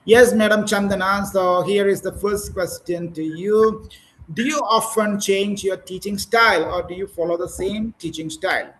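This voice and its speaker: A man's voice: high voice, steady tone, moderate pace, fairly bright tone, slight background noise, rough recording. A man leading an online training session for teachers, giving encouraging corrections with many fillers.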